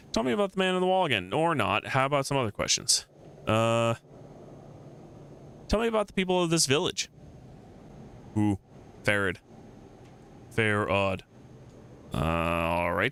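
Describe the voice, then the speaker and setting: A man's voice: lowish voice, pushed and bright, a little hiss or hum. A man streaming a game, casually thinking aloud and reading the text on screen.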